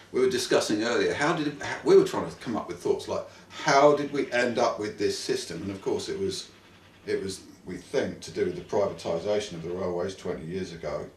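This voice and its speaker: A man's voice: low voice, slight background noise. A man co-hosting a casual comic chat, prompting his partner and breaking into wry, theatrical rants. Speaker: co-host. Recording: roomy echo, distant mic.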